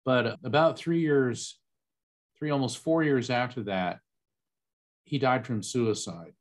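Animated storytelling man from Central Florida. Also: takes it slowly. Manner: animated storyteller, lively jumps in pitch on quoted lines. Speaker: guest psychic medium. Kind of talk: podcast interview storytelling.

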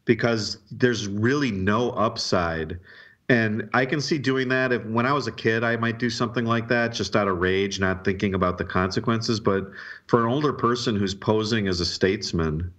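Low-voiced male co-host with rambling, restart-heavy talk; dull recording. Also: moderate pace, a bit bright. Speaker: podcast co-host. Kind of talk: casual political chat.

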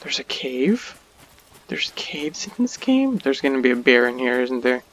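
A man's voice: medium pitch, big pitch swings, unhurried, a bit bright. A man playing a survival game, reacting aloud in panicky, exclamatory bursts and talking to himself. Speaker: gamer. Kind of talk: let's play commentary.

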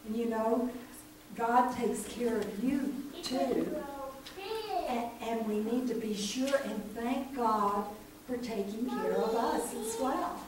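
A woman telling a Bible story to children in church, gentle and hesitant with many fillers. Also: a little high, slow pace. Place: church sanctuary. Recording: echoey church recorded from far off, noisy.

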